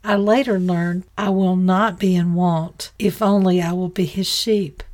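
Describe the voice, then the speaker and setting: A woman's voice: lowish voice, steady tone, measured pace, darkish tone. A woman giving a devotional Bible teaching in an earnest way, with folksy asides now and then.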